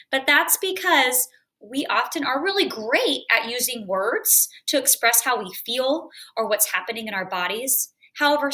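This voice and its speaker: Bright-voiced woman school counselor teaching. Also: fairly high pitch. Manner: gentle, clear teaching voice. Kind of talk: lesson video for students.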